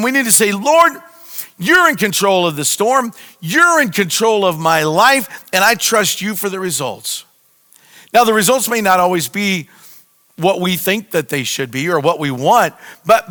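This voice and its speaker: A man's voice: sits high, pushed and bright. A man pastor preaching a sermon with impassioned, repetitive cries to his listeners. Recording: long hall reverb.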